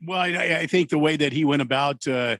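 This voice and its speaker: Co-host, man, measured and hesitant, slightly high voice, dry studio sound. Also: fairly bright tone, dry recording. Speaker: radio co-host. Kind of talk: casual talk radio banter.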